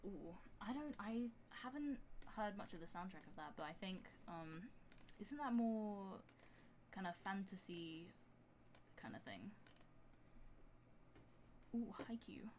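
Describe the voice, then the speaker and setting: A woman's voice: mid-range voice, sing-song, unhurried, a little hiss or hum. A woman streaming her music production live, chatting casually and thinking aloud with a self-deprecating manner. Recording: music playing loudly behind. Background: electronic beat and synths.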